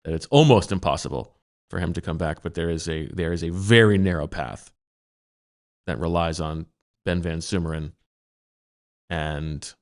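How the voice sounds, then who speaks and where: A man co-hosting a sports podcast in casual chat, with a flat, deadpan delivery. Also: sits low, normal speed, long pauses. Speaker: podcast co-host.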